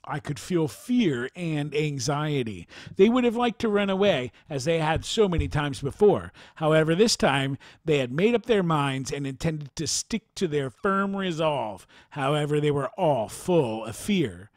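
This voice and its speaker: A man narrating a near-death experience account in a formal, measured reading style. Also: a little high, animated, no room sound, studio quality.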